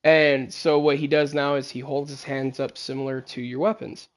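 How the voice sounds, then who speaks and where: A man's voice: mid-range voice, level tone, normal speed. A man narrating a tabletop game as game master, loose and rambling with crude jokes.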